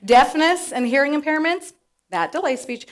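A middle-aged woman telling a personal story to an audience, animated and acting out the voices she quotes. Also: high-pitched, normal speed. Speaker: presenter.

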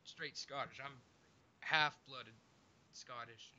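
A man's voice: mid-range voice, steady tone, slow pace, bright, forceful tone, no echo. A man chatting in a casual interview, joking crudely, swearing a lot and laughing often. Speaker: YouTuber being interviewed. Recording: dull lo-fi sound.

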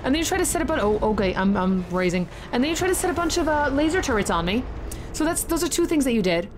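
A woman hosting a gaming channel, giving excitable, chatty let's-play commentary full of exclamations. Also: sits high, fast, background noise.

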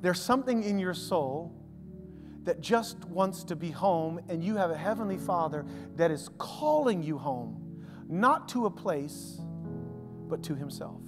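A man preaching a conversational sermon, swinging from loud emphasis to hushed, drawn-out words. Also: sits high, lively intonation, big-room sound. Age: adult father of a young son. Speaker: pastor. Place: church sanctuary. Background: soft instrumental music.

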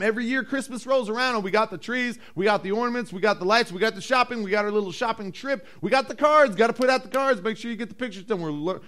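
A man delivers a sermon as pastor in a church, voicing the story's characters with animation and slowing to a low tone when he wants to stress a point.

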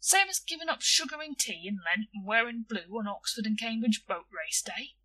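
A woman's voice: on the high side, animated, normal speed, bright, forceful tone. A woman voicing a cheeky, hopeful schoolboy in a storybook reading, coaxing and wheedling.

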